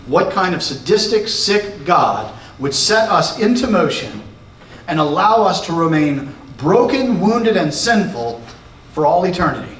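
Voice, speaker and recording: A man giving a church lesson to his congregation, excitable and emphatic, sometimes shouting. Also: sits high, unhurried, distant mic, a little hiss or hum. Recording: roomy echo, recorded from afar.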